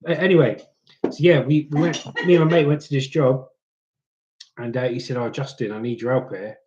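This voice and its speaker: Reading his live stream's chat, a chatty man tells scrapping stories in a casual way and occasionally puts on mock accents. He speaks briskly at medium pitch with fairly even intonation and a darkish tone, captured on a muffled recording.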